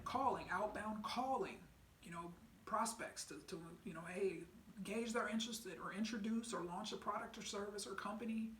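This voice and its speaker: A woman's voice: mid-range voice, bright, forceful tone, slight background noise. A woman sales trainer telling a story in a casual teaching talk, with many fillers and restarts. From United States. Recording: echoey room, voice far from the mic.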